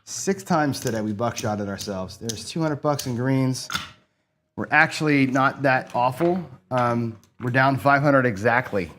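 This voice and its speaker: A man's voice: mid-range voice, unhurried, fairly bright tone, slight background noise. Frustrated man griping through casino commentary. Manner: rambling, profane, talks to himself while playing. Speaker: gambling channel host. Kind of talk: casual play-by-play commentary.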